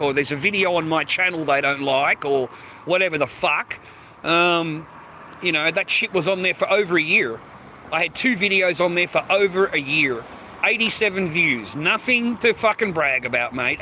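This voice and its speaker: A man's voice: fairly high pitch, sharp tone. An Australian man in his fifties, ranting aggrieved and profane in a vlog, stammering over restarts. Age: 50s. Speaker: vlogger. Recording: noisy outdoor street recording.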